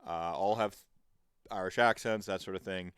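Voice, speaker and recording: A man's voice: sits low, fairly even intonation, normal speed, a bit bright, clear, resonant tone, no room sound, studio quality. A man hosting a podcast in casual chat, rambling and digressive as he tells stories. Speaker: podcast host.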